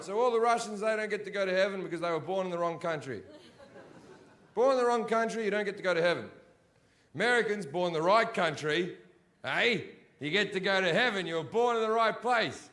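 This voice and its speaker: A man's voice: high-pitched, expressive, fairly quick, fairly bright tone. A male stand-up comedian doing a blunt, profane, sardonic set on a live stage. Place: live comedy venue before an audience.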